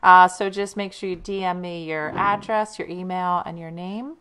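A woman's voice: on the low side, steady tone, normal speed, a bit bright, smooth. A woman hosting a casual live stream, chatting and reading viewer comments aloud. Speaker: livestream host.

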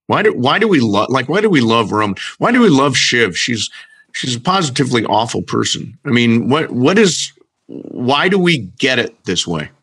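Guy asking thoughtful questions, really animated, bright voice. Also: mid-range voice, normal speed, breathy edge. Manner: thoughtful, asks probing questions. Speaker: interviewer. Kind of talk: casual conversation.

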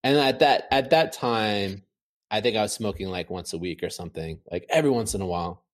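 A man chatting casually from home, telling an animated, rambling story full of fillers. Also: fairly low pitch, brisk. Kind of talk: casual chat.

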